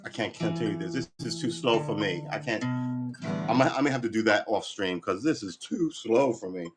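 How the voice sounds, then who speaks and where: A man's voice: fairly low pitch, moderate pace. A man chatting casually on a live stream while he practices guitar at home, rambling and mocking himself. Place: room at home.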